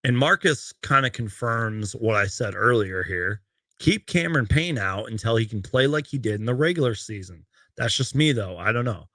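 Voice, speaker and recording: A man's voice: mid-range voice, expressive, moderate pace, sharp tone, dry recording, studio quality. A man hosting a casual sports livestream, reading out game stats and viewer comments in a loose, rambling way. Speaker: sports fan livestream host. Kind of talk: casual live-stream chat.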